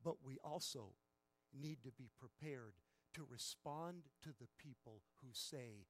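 A man preaching a sermon as a pastor, emphatic, swinging from quiet passages to loud, stressed bursts. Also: on the high side, normal speed, dry recording.

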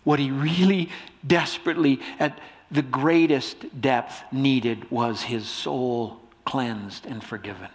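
A male pastor preaching a sermon with a stuffy nose, swinging between loud emphasis and soft hushed lines. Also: mid-range voice, steady tone, takes it slowly.

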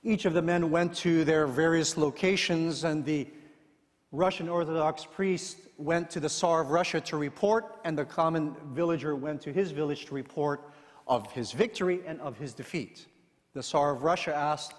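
Measured preacher in an echoing sanctuary. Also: male voice, a little high. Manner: measured, deliberate delivery. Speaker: pastor. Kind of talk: sermon with scripture reading and storytelling.

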